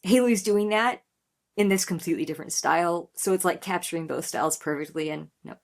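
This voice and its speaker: This thirtysomething woman runs a music reaction channel, talking briskly in a lowish, creaky voice. Her chat is casual and gushing, peppered with "like."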